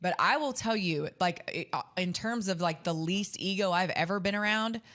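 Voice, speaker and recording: A woman with a fairly low voice co-hosts a casual podcast. She talks sports in an excited, rambling way and often breaks off to restart a thought. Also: normal speed. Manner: chatty, self-interrupting, enthusiastic. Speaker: podcast co-host and sports reporter.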